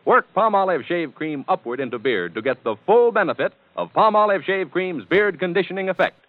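Punchy 1940s radio ad announcer. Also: male voice, high-pitched, expressive, a little fast, no room sound. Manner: emphatic, punchy sales read. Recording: dry tinny 1940s radio.

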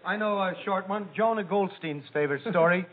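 Male panelist, high and offhand, dull lo-fi 1940s radio. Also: brisk. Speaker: comedy panelist.

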